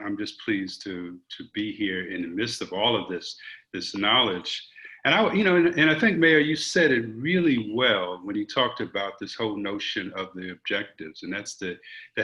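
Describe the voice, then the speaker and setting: Male moderator, bright forceful tone, slightly low voice, earnest and a bit halting, video call audio. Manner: earnest, repeats words while thinking. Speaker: panel moderator. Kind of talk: virtual panel facilitation.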